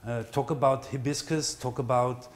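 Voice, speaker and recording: A man with a German accent, a culinary instructor giving a relaxed cooking demonstration and listing teaching ideas. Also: mid-range voice, normal speed.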